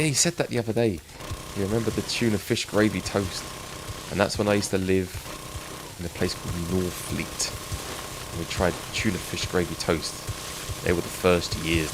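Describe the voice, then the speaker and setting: A deep-voiced, English-accented man in middle age plays a game and chats casually with his live-stream audience. He reminisces and laughs a lot, and the background is noisy.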